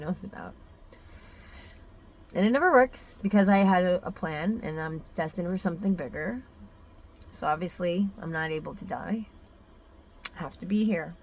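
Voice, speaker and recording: A young adult woman telling a personal story in a candid, emotional vlog, full of fillers and restarts. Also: lowish voice. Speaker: mother sharing a personal story.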